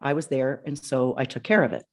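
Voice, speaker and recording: A woman's voice: a bass voice, steady tone, fairly quick. A middle-aged woman hosting a podcast, telling a personal anecdote in a conversational way with small restarts. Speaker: podcast host. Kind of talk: personal storytelling on leadership. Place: home in Idaho, early morning.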